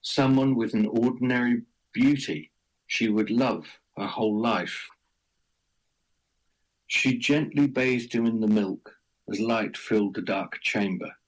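A man telling a folk tale aloud in a measured, deliberate storytelling manner. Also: mid-range voice, low-quality recording. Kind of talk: oral storytelling.

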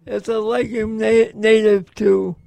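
A man in casual radio chat, explaining in slow, rambling, halting sentences as a gardening expert. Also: high-pitched, level tone, gravelly, dark tone, no room sound.

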